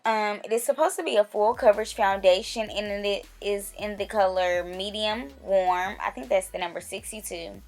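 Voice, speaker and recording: A woman's voice: medium pitch, steady tone, normal speed, hardly any pauses. Chatty young woman narrating a makeup tutorial. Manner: chatty, talks straight to viewers. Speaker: beauty vlogger. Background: faint music.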